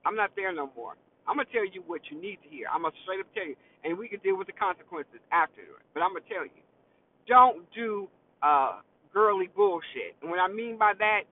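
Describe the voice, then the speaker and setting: A middle-aged woman hosts a podcast, talking in a blunt, frank monologue and swearing without hesitation. Her voice comes through thin and tinny, like a phone line. A faint rumble sits underneath her speech. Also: fast, few pauses. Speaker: podcast host. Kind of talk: casual opinion monologue.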